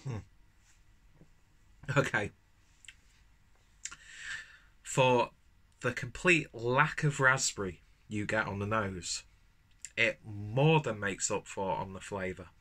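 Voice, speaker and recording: A chatty man talks through a beer review at home into his camera. His voice sits a little low but has a bright, forceful edge. He rambles with casual asides and the occasional swear. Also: takes it slowly, long pauses. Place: at home, indoors. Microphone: camera mic.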